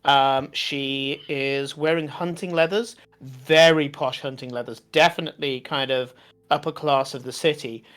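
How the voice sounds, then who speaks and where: A woman narrating as game master of a tabletop game, halting, with many fillers. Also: a bass voice, steady tone.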